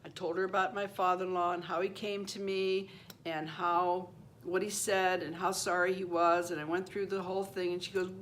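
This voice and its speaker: A woman's voice: little pitch movement, moderate pace, a bit bright, a little hiss or hum. A woman in her seventies telling a personal story in a casual, rambling way, restarting and repeating phrases and acting out the voices of the people she quotes. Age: 70s. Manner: acts out quoted voices, rising high for a child. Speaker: channel host.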